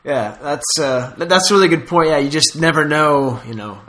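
A man hosting a casual podcast strays from tale to tale with laughs and tangents. He talks at normal speed in a fairly bright voice on the high side.

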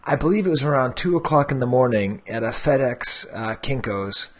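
A man's voice: medium pitch, animated, normal speed. A man hosting a collectors' podcast, chatting in a rambling, self-deprecating way. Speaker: podcast host. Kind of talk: casual podcast chat.

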